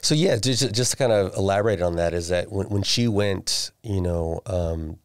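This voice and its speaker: A man's voice: low-pitched, normal speed, no room sound. A middle-aged man in his forties, a podcast guest, telling a family story in casual chat, restarting and repeating words as he goes.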